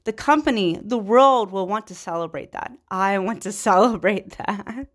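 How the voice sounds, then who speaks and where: A jittery female executive, as a young woman quotes her in a review, makes her case with a smooth, salesy pitch. She sounds scared but pushes on, trying to soothe and win over her listener. The voice stays near an everyday middle pitch. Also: moderate pace, lightly acted. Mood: placating. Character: nervous female corporate executive bargaining.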